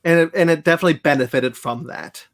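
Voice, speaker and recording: A man hosting a relaxed podcast chat, his voice a touch high for a man. He gushes happily, giggles often and steers the talk from one segment to the next. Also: fast talker. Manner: enthusiastic, giggly, runs the segments. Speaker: podcast host. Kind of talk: casual chat.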